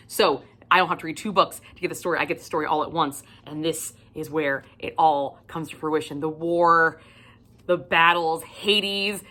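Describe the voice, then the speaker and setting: A deep-voiced woman chats casually in a book haul vlog, gushing and excitable. She swears freely and swings between loud squeals and whispers.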